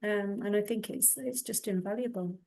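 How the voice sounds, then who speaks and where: A woman's voice: mid-range voice, normal speed, vocal fry, dark tone. A woman co-hosting a conversational interview, thoughtful, searching for words and repeating herself as she goes.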